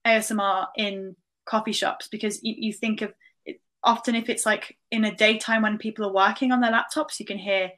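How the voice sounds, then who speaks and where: A woman guest on a podcast who talks in a thoughtful, measured way. She pauses on fillers as she explains things. Her pitch sits in the middle. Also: steady tone, fairly bright tone. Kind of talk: casual chat.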